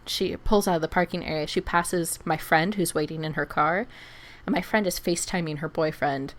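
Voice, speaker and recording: A woman co-hosting a podcast, telling an animated story in casual chat, acting out the people she quotes and laughing often. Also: fairly low pitch. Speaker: podcast co-host.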